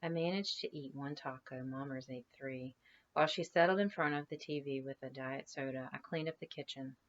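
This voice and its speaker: Reading a novel to her class, this teacher keeps things conversational and stops between passages to question her students. She speaks briskly in an extremely low voice, with dull audio and slight background noise.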